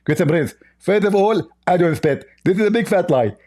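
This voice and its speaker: A man's voice: sits high, expressive, moderate pace, a little mellow, voice pushed up. A man voicing a mocking caricature of a male Muslim debater, whiny, indignant and exaggerated.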